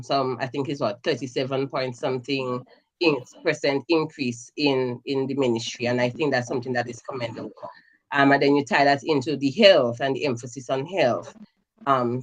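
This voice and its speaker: A woman from Grenada calling in to a talk show, giving measured, earnest commentary with frequent fillers. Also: a bass voice. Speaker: caller commenting on the budget. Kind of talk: casual call-in commentary.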